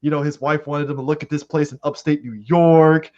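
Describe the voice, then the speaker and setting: A man's voice: on the high side, level tone, a little fast, darkish tone, muffled recording. A man co-hosting a live podcast, ranting emphatically and swearing freely. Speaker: podcast co-host. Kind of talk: casual live-show movie talk.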